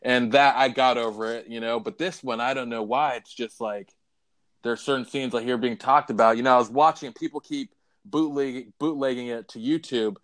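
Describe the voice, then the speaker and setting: A man with a smooth, resonant voice talks in a loose podcast chat. He swears freely and retells scenes with feeling, often quoting lines. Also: medium pitch, steady tone, moderate pace, a bit bright. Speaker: podcast co-host. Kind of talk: casual chat.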